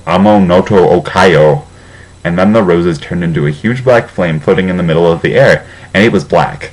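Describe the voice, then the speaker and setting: A man's voice: low voice, moderate pace, rough recording. A young man comically reading a fan fiction aloud, mock-serious, with sarcastic asides.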